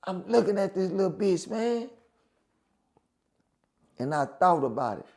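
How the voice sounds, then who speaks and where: A man telling profane, animated prison stories in casual chat, repeating phrases for effect. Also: sits high, measured pace. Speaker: guest storyteller.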